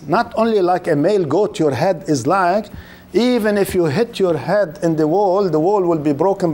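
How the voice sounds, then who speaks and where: An older man with a slightly high voice and a lectures a live audience. He keeps throwing rhetorical questions at the listeners and stretches words out for emphasis. Faint room ambience sits behind him. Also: darkish tone, slight background noise. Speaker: Islamic lecturer.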